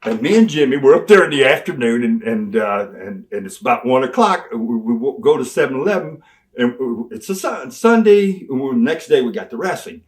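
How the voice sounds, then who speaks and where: An older man, telling animated, folksy stories as an interview guest and laughing along the way. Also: medium pitch, brisk. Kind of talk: storytelling in a sit-down interview.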